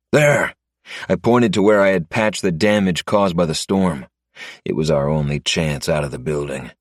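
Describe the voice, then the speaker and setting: A man narrating a first-person story in a low, steady manner. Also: no room sound, studio quality. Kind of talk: scripted narration.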